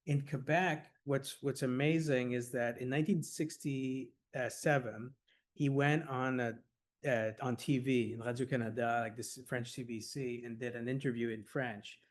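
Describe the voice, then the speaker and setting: A man speaking at a scholarly workshop, telling stories in an enthusiastic, rapid, conversational way full of "like" and "you know", sometimes laughing as he goes. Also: medium pitch, fairly even intonation. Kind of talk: animated conversational lecture.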